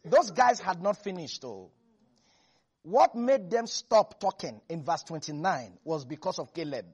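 A preacher delivering an animated, humorous sermon to a congregation. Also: mid-range voice, moderate pace, husky. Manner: animated, jokes and laughs with the congregation.

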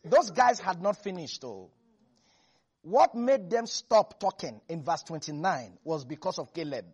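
A preacher giving an animated sermon, repeating lines for emphasis and laughing often. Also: medium pitch, moderate pace, breathy edge, dull audio. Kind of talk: lively sermon.

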